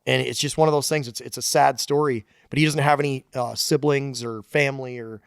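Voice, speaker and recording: A man's voice: medium pitch, steady tone, brisk, creaky, clear, resonant tone, no room sound, clean studio sound. A man talking as a podcast guest, a loose storyteller who swears casually. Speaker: guest engineer and shop founder.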